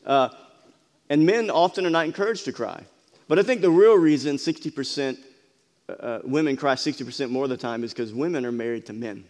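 A man's voice: medium pitch, a little fast, darkish tone. A man preaching a sermon as pastor, asking the congregation questions and often repeating his words. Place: church hall. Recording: long hall reverb.

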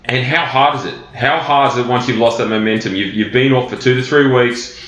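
A man's voice: mid-range voice, fairly even intonation, a little fast, fairly bright tone. A man hosting a solo fitness podcast, talking bluntly and casually with plenty of fillers. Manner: blunt, conversational, many fillers. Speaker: personal trainer and podcast host. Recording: roomy, dull lo-fi sound.

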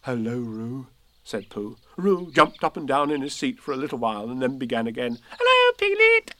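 A man narrating a children's storybook with gentle, expressive storytelling. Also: medium pitch, brisk, a little hiss or hum.

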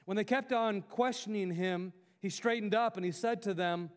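High-voiced pastor preaching in a hall. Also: male voice, normal speed, few pauses. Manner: earnest, exhorting, with rhetorical questions. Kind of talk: sermon.

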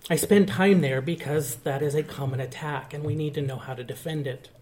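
Man, pastor, sermon, fairly high voice, earnest, explanatory. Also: steady tone, brisk, darkish tone, slight background noise.

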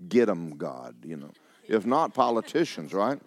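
A man's voice: deep voice, big pitch swings, measured pace, dry recording. A man preaching a sermon as pastor, mixing joking asides with fervent calls.

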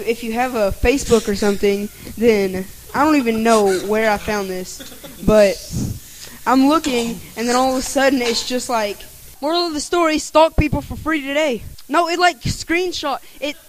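A man on a casual podcast, rambling excitedly and losing his thread as he explains something. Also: extremely high pitch, unhurried, slight background noise, low-quality recording. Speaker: podcast co-host. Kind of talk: casual chat.

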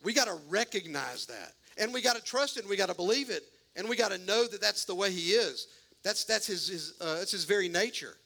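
A man delivers a sermon in a folksy, animated way, slipping into the voices of the people in his story. His voice sits high and sounds bright and gravelly, with a bit of fry. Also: a little fast. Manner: animated, folksy, acts out voices of biblical figures. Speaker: pastor.

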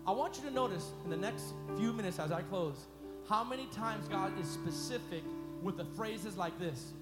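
A man preaching a sermon as pastor, leading his congregation in call-and-response and climbing to loud, emphatic peaks. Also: high-pitched. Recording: echoey hall with faint music.

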